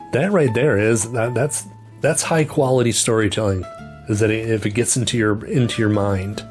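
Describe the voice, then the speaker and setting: A middle-aged man casually retelling a horror novel's plot as a book reviewer, animated, swearing now and then and acting out the characters' lines. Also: on the low side.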